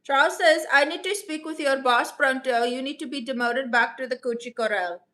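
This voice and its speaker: A woman comedian voicing a brash, self-assured customer-service rep who calls everyone baby, in a deadpan improvised livestream. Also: sits high, normal speed.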